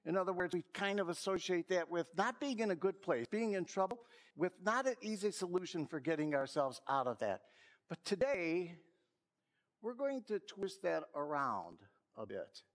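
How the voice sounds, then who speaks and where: Man, pastor, slightly higher voice, easygoing storytelling sermon, pokes fun at himself. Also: very animated, moderate pace. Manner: storytelling, gently self-mocking. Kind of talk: sermon with an opening joke.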